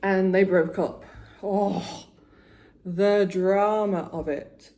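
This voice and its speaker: A woman's voice: medium pitch, steady tone, drawn-out words, warm tone, a little hiss or hum. A woman in her forties chatting casually about her week while doing her make-up, getting emotional and often trailing off and restarting. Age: 40s. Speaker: vlogger.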